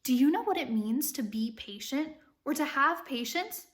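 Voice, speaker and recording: A woman teacher from Ohio with an American accent, giving an animated children's read-aloud full of questions for the listener. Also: high-pitched, normal speed. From Ohio, United States. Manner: animated, asks the listener questions, dips into a light British accent while reading.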